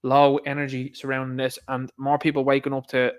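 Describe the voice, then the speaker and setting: A man's voice: mid-range voice, completely flat delivery, brisk, smooth. A man with an Irish accent giving a casual, ranting political commentary, sarcastic and exasperated.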